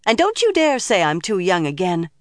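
A man's voice: a little high, brisk, a bit bright, dry recording, studio quality. A man voicing an earnest, defiant young woman in an audiobook reading. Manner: determined, a little shaky.

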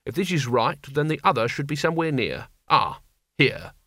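A man's voice: on the high side, normal speed, fairly bright tone, dry recording, clean studio sound. A man voicing a grumpy, scornful old male servant in an audiobook. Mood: sneering. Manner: gruff and scornful. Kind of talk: audiobook character voice.

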